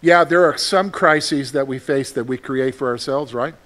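A man's voice: mid-range voice, normal speed, fairly bright tone. A man preaching a sermon in a conversational way, asking his congregation questions and acting out short voices. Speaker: pastor.

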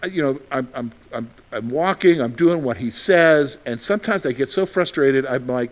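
A middle-aged pastor preaches with an expressive, mid-range voice at a moderate pace, barely pausing. He poses rhetorical questions to the congregation and shifts between loud emphasis and quiet asides.

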